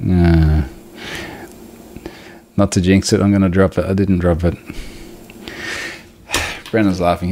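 A man hosting a casual solo talk about online security, explaining technical points in detail with wry asides and reading out viewer comments. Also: on the low side.

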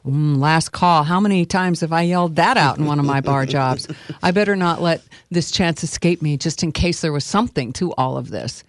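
A woman's voice: low voice, a little fast, hardly any pauses, no room sound. A woman author reading her memoir earnestly and expressively, then chatting as a guest. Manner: earnest and expressive, with filler hesitations.

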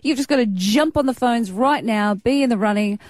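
A woman's voice: fairly high pitch, moderate pace, a little mellow, no echo, clean studio sound. A woman with an Australian accent co-hosting breakfast radio, chatty and running the phone quiz. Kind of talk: casual banter.

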